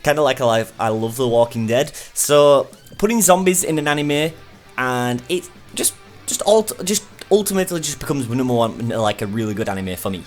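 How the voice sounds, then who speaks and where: A man's voice: medium pitch, moderate pace, faint music behind. Chatty young man reviewing anime. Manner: chatty and enthusiastic, many fillers. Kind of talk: casual video review.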